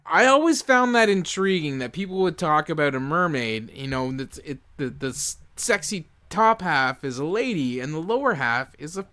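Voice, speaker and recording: A man's voice: on the high side, very animated, normal speed, hardly any pauses, bright, forceful tone. A man co-hosting a podcast, dropping wry jokes and pushback in casual movie-review chat. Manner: wry, jokey interjections. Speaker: podcast co-host.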